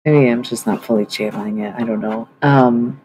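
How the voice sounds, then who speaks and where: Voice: medium pitch, steady tone, moderate pace, mellow, slight background noise, poor audio. A livestreamer talking casually and swearing a lot, rambling with many fillers while claiming to channel spirits. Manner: rambling, profane, lots of fillers.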